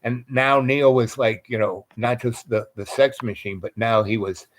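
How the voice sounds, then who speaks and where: A man with an ordinary mid-range voice spins a loose personal story as a guest. He wanders off track and doubles back on his words, and he swears freely in a relaxed, conversational way. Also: medium pitch, normal speed, slight background noise. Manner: rambling, digressive, frequent restarts and profanity. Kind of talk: casual anecdotal storytelling.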